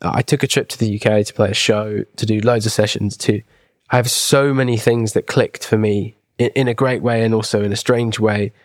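A man's voice: fairly low pitch, steady tone, a little fast, no echo, studio quality. A man, co-hosting a podcast in casual chat, rambling enthusiastically with many asides and restarts. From England. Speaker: podcast co-host.

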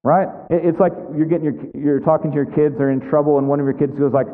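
A man's voice: fairly high pitch, fairly even intonation, brisk. A man preaching a sermon in a conversational way, often checking in with "right?" as he explains scripture. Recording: tinny phone-like sound with long hall reverb.

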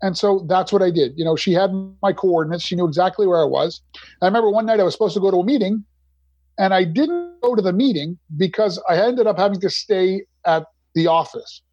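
A man's voice: high-pitched, a little fast, darkish tone, breathy edge, no room sound, highs cut off, faint music behind. A middle-aged man from Canada, a podcast guest, telling his recovery story candidly in a rambling way, restarting his sentences often.

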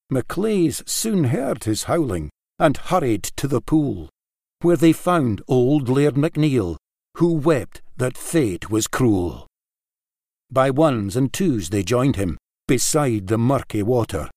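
Slow, lilting male storyteller. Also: medium pitch, dry recording, studio quality. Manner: expressive, lilting verse reading. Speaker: narrator. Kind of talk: rhyming storybook narration.

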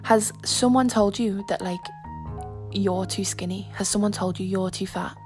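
A woman's voice: mid-range voice, steady tone, normal speed, a little mellow, faint music behind. A young woman hosting a podcast, talking in a frank, rambling, casual way full of fillers and asides. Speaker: podcast host. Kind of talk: casual chat.

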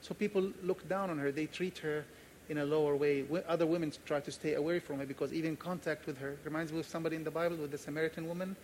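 A man's voice: fairly high pitch, steady tone, fast, darkish tone, a little hiss or hum. A man pastor preaching a sermon, earnest and emphatic, repeating key phrases and telling personal stories.

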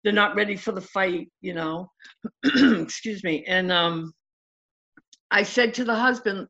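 A woman's voice: mid-range voice, measured pace, creaky, long pauses, highs cut off. A woman relationship coach in a casual interview, telling stories and acting out what her clients said. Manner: animated, acts out quotes of clients.

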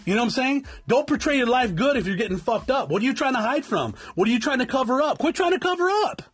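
Man, forties, from South Tucson, very high voice, husky, lively swings in pitch, blunt profane motivational rant. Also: fast, faint music behind. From South Tucson, Arizona. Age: 40s. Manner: blunt, swearing constantly, lecturing; addresses viewers as guys. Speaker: vlogger.

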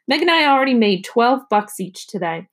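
A woman's voice: fairly high pitch, very animated, brisk. A woman reading aloud, voicing a proud, bossy young girl with a snappy, indignant way of talking.

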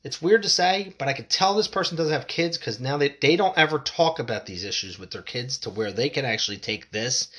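A man's voice: mid-range voice, pushed and bright. Blunt, profane man ranting on his podcast. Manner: blunt, profane, rambling with restarts. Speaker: podcast host. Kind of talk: casual solo podcast rant.

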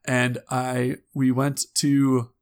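A man's voice: mid-range voice, completely flat delivery, extremely slow. A man co-hosting a casual chat, telling rambling stories with many fillers and restarts.

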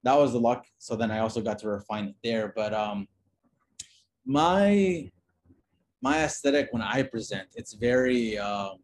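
A man talking as a guest in a relaxed interview, loose and conversational, with frequent fillers and restarts. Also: mid-range voice, a little hiss or hum. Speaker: designer and podcast guest. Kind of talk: casual interview chat.

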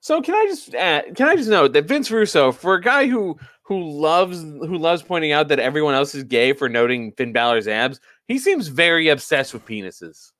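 A man's voice: a little high, very animated, normal speed, hardly any pauses, a bit bright, no room sound, studio quality. A man co-hosting a casual wrestling recap, sarcastic and profane, joking with his co-host. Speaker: podcast co-host.

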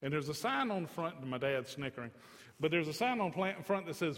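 A man preaching a sermon in a folksy, joking way, swinging from soft to emphatic. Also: fairly high pitch, animated, fast, in a large hall. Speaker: pastor.

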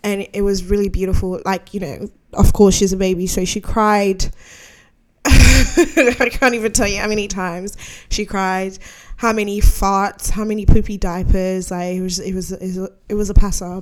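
Candid young woman hosting a chat. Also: medium pitch. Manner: candid, heartfelt, chatty with slang and many "like"s. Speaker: podcast host. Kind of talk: casual chat.

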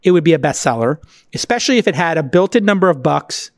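A man hosting a podcast, talking in an energetic, emphatic way with sudden jumps in pitch, reading an ad and chatting casually. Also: fast, no echo, clean studio sound. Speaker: podcast host. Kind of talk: casual podcast chat and host-read ad.

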